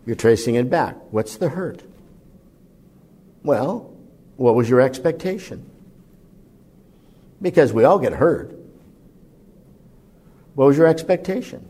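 A man preaching a conversational sermon, asking his listeners questions and swinging his pitch and volume widely for emphasis. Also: expressive, takes it slowly, pauses often, mellow, husky. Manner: conversational, asks the audience questions.

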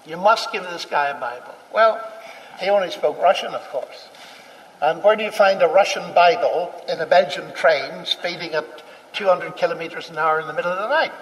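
A man telling a personal story to an audience, acting out the dialogue with animated delivery. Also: high-pitched, normal speed. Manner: animated, acts out dialogue, chuckles. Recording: long hall reverb.

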